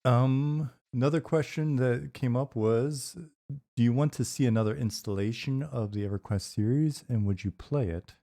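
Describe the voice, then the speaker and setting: A man hosting a casual interview, asking questions and giving his views in a thoughtful, measured way. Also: mid-range voice, mellow. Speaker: host.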